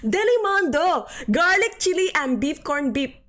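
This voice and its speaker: A woman's voice: high voice, big pitch swings, pitched above the performer's own voice, exaggerated voice. A woman doing a hammy ad announcer with a mock Filipino accent. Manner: slow, drawn-out, loud announcer delivery.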